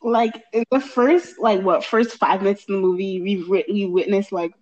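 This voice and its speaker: A woman's voice: mid-range voice, steady tone, moderate pace, a little mellow. A teenage girl in casual chat with a friend, giggly and trailing off mid-sentence. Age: teens. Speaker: co-host friend. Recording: dull lo-fi sound.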